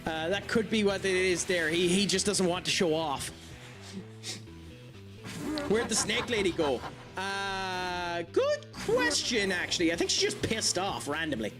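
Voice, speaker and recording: A man's voice: high-pitched, sing-song, unhurried. A man with an Irish accent streaming a video game live, chatting and joking with viewers between fights. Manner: chatty and jokey, with many fillers. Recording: game music behind voice. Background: game music.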